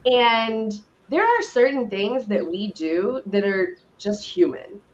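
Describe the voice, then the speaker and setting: A middle-aged woman co-hosting a live stream talk show, speaking in a slow, reflective and affirming way. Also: medium pitch, lively intonation. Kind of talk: casual conversational chat. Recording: dull lo-fi stream audio.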